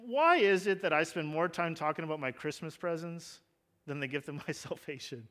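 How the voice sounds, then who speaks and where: Young guy pastor giving a sermon, kinda high voice, chatty with jokes then gets fervent. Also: expressive, normal speed, a bit bright. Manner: conversational, jokey asides, rising to fervent emphasis.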